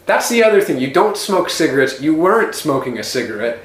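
A man's voice: a little high, sing-song, a little fast. A man co-hosting a podcast, telling a story in a teasing, mocking way. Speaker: podcast co-host. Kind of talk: casual comedic banter. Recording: roomy with faint noise.

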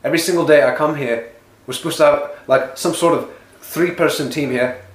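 Man co-host, slightly high voice, rambling and argumentative, recorded in an echoey room at home. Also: fairly even intonation, brisk. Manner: rambling, argumentative, trails off mid-sentence. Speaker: podcast co-host. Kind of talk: casual banter on a home podcast. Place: room in a house. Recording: roomy echo.

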